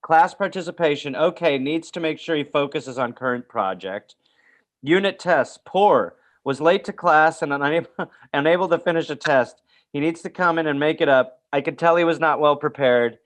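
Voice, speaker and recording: A man with a somewhat higher voice hosts a casual podcast. He tells loose, rambling, jokey stories and reads out old report cards. He speaks close into a podcast mic. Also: moderate pace, a bit bright. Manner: rambling, jokey, reads aloud and acts out quotes. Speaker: podcast host. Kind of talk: casual storytelling chat.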